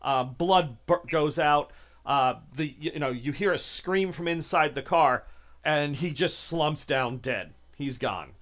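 A man running a tabletop horror game as game master, narrating scenes in halting bursts with many fillers. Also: fairly high pitch, a bit bright. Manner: halting, many restarts and fillers while describing.

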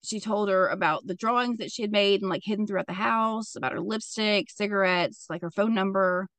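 Fairly quick and a bit bright, this young podcast host's mid-range voice carries her casual true-crime tales. She curses freely and peppers her chatter with "like." Her audio is close-up and dry, without any room sound.

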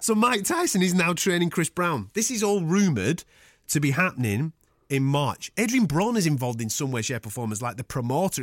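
A man's voice: fairly high pitch, no room sound, clean studio sound. A man from England hosting a podcast in casual, jokey chat, teasing his co-host.

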